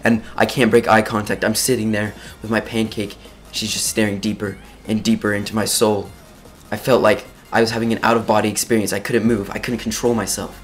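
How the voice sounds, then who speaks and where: Teen boy, story-time vlogger, rapid and animated delivery, playful exaggeration. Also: fairly low pitch. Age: teens. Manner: excitable, exaggerating, laughing often. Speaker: student telling a story.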